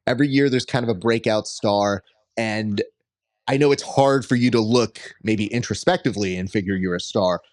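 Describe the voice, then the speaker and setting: A man hosting an interview podcast, asking questions in an animated, playful way. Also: on the low side, normal speed, no room sound, studio quality. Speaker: podcast host.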